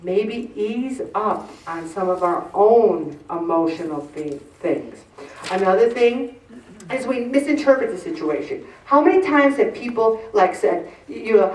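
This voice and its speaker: Animated woman in her sixties, roomy and distant. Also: a little high, normal speed. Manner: animated, acts out quoted voices. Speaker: faith-based weight-loss group leader. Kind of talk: talk to a group. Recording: roomy room, mic far off.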